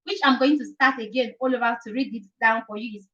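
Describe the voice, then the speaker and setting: A young woman hosts a casual live-stream lesson as a language teacher, explaining each point several times and checking in with "okay?" again and again. Her slightly high voice is bright and forceful, with a steady tone and quick pace, and the highs are cut off.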